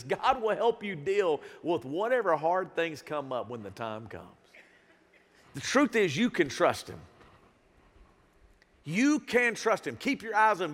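A man with a bright, high-pitched voice preaches in a church sanctuary, his words trailing into a long hall reverb. He swings between soft, intimate moments and loud bursts and keeps calling out to the congregation for a response. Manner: calls out to the congregation. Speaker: pastor. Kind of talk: sermon.

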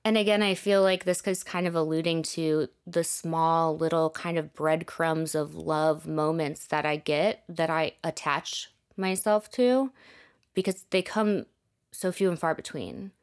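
A young woman telling a personal story in casual conversation, full of fillers and dropping softer when reflective. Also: low-pitched, measured pace, clean tone. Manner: chatty, many fillers like "like", dips to soft reflective tones. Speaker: podcast guest telling her story.

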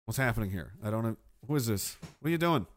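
A lowish, animated voice speaks fast as this man hosts a live show. His casual livestream rant is profane and sarcastic, and he reads out comments from viewers in the chat.

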